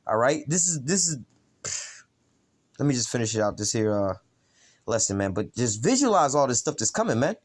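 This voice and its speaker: A man's voice: mid-range voice, expressive, fast. A man giving an informal bible lesson as a street preacher, rambling and slangy, with frequent profanity and fillers.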